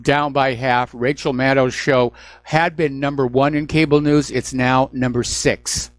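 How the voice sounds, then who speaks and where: A man's voice: mid-range voice, steady tone, unhurried, no echo. A man hosting a radio news talk show, delivering an emphatic, indignant commentary monologue.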